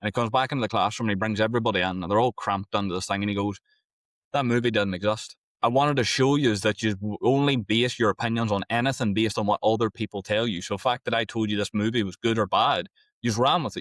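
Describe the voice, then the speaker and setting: Fast-talking man spinning a story. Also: fairly low pitch, dry recording, studio quality. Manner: storytelling, quick and animated retelling. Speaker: podcast host. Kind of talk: casual conversation.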